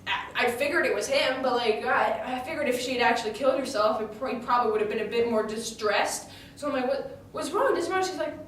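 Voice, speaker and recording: A woman's voice: fairly high pitch, fast, fairly bright tone, a little hiss or hum. A woman telling a story in character in a chatty, indignant way, full of fillers and restarts. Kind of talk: in-character monologue retelling a tragedy. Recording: echoey room, distant mic, faint ambience.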